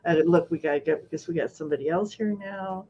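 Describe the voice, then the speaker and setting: Lo-fi woman host, slightly low voice. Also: quick pace, warm tone. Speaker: show host. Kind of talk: casual interview chat. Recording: dull lo-fi sound with faint noise.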